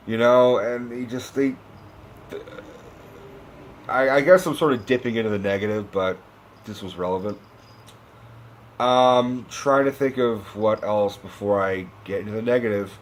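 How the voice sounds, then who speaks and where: A man's voice: medium pitch, a little hiss or hum. Man ranting profanely about a film. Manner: profane, exasperated, animated ranting with mocking impressions. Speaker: film review vlogger. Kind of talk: ranting movie review.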